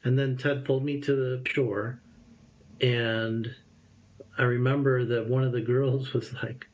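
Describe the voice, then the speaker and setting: A man in his fifties, a guest telling a personal story in an interview, lively and acting out the voices he remembers. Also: mid-range voice, measured pace. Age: 50s.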